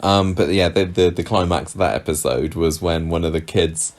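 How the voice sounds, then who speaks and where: A man's voice: sits low, steady tone, normal speed. A man co-hosting a podcast in casual chat, hesitant and full of restarts. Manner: hesitant, with many restarts and fillers. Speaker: podcast co-host.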